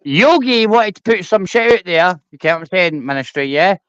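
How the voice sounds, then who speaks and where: A man's voice: sits high, lively intonation, normal speed, fairly bright tone, clear, resonant tone, no echo. A man on a livestream panel, crude, mocking and rambling, heard through slightly dull stream audio. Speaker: panel guest. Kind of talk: heated livestream panel banter.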